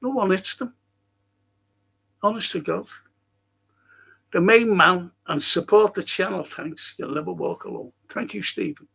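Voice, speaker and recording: Gravelly, high-voiced Liverpool man. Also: a little slow, long pauses, a bit bright. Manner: rambling, swears often, laughs at own stories. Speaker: host of a fan live stream. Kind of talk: casual chat reading viewer comments.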